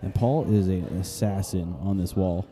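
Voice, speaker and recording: Man, live sports commentator, hushed golf-style delivery, very mellow dark tone, faint music behind. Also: low voice, fairly even intonation, normal speed. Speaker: play-by-play commentator.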